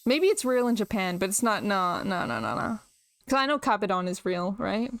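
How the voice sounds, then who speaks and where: A woman's voice: medium pitch, big pitch swings, normal speed, a bit bright, no echo. A young woman streamer chatting casually and emotionally while reading a visual novel aloud, rambling with lots of "like".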